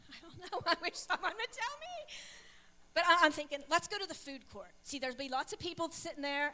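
High bright-voiced pastor's wife preaching. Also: female voice. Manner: animated, storytelling with acted-out dialogue. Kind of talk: sermon with personal stories.

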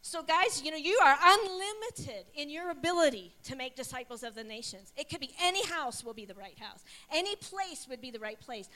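A middle-aged woman with a high, bright voice tells a personal testimony. She tells it like a story, acting out what people said along the way. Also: fairly quick, hardly any pauses. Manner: animated storytelling with acted quotes. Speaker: pastor's wife. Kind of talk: testimony sharing.

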